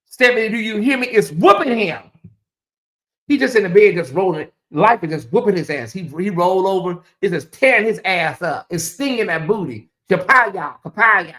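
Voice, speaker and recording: A woman's voice: mid-range voice, animated, normal speed, fairly bright tone. A woman hosting a livestream commentary show, talking bluntly and preachily to her viewers and swearing freely. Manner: addresses viewers directly. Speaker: commentary channel host.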